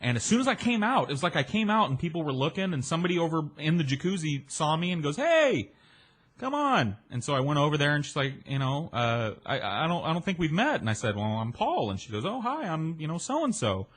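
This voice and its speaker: A man's voice: fairly high pitch, quick pace, few pauses. A man casually telling a long story about a party, acting out the other people's lines and swearing freely along the way. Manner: animated, acts out voices of people he met; swears freely, chatty and self-mocking.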